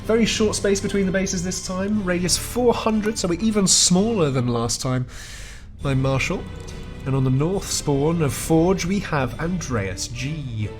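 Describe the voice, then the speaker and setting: A man's voice: a little high, expressive, measured pace. Man casting a strategy game, faint music. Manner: chatty, wry, chuckles often. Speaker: esports caster. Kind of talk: play-by-play game commentary.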